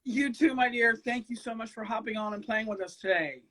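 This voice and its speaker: A man's voice: high voice, brisk, a crowd in the background, low-quality recording. A man hosting a live-stream comedy show, effusive and full of endearments for his guests. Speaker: host.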